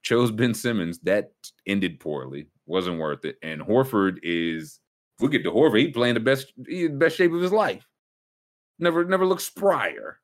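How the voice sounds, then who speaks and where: A low-pitched man hosting a laid-back sports talk show. His voice swings widely up and down as he riffs, with loose, animated delivery and playful mock voices. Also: measured pace. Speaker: podcast host. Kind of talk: casual sports chat.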